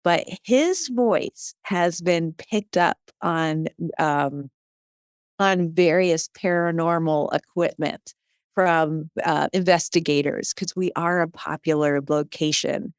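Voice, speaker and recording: A woman with a very low voice talking slowly in an interview, pausing on ums and uhs. The recording is close and dry. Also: clean tone, dry recording. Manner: hesitant, many fillers. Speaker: museum ship guide. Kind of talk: casual interview.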